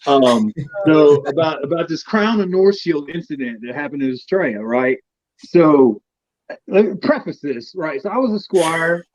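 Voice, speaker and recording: Guy with a high bouncy voice telling a swear-heavy funny story, dull dry lo-fi audio. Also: moderate pace, no echo. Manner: animated, swearing freely, playful. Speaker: guest knight. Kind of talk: profane comic storytelling.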